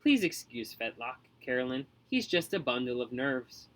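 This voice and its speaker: A man's voice: mid-range voice, sing-song, moderate pace, fairly bright tone, low-quality recording. A man voicing a fussy, doting mother who gushes over her son and coddles him. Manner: gushing, coddling.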